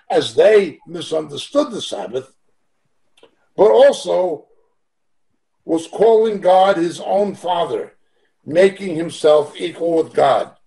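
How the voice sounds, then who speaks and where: A man's voice: high-pitched, gravelly, warm tone, poor audio. A man teaching a Bible passage over a video call, emphatic and repeating his key points.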